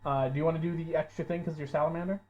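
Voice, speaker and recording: A man running a tabletop role-playing game as game master, calling rolls and narrating the action, who gets loud and swears when surprised. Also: a little high, fairly even intonation, very fast. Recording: dull lo-fi audio.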